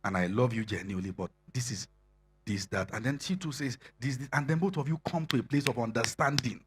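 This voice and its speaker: A middle-aged man preaching a sermon to singles in a conversational style, laughing often and building to loud emphasis. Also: mid-range voice, brisk, slight background noise.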